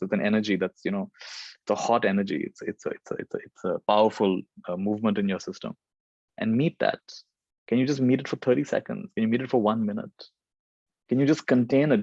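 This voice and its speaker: A man's voice: lowish voice, a little mellow, dry recording, dull audio. A man giving a spiritual talk and answering questions, reflective and repeating phrases for emphasis. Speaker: spiritual teacher.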